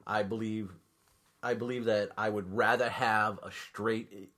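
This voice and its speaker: A man's voice: on the low side, steady tone, a little slow, sharp tone. A man chatting casually as a podcast guest, rambling and hesitant with lots of fillers.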